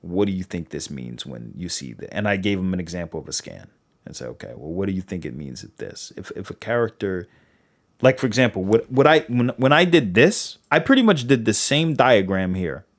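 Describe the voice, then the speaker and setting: A man's voice: low-pitched, brisk. A young man with a Boston accent hosting a livestream, rambling casually and acting out quoted dialogue. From New England. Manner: rambling, animated, full of fillers and quoted dialogue. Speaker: livestream host.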